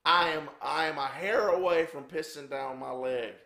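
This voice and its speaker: A man's voice: on the high side, normal speed, bright, forceful tone, roomy sound, voice pushed up. A man voicing a male wrestler who is helpless with laughter. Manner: breathless, giggling.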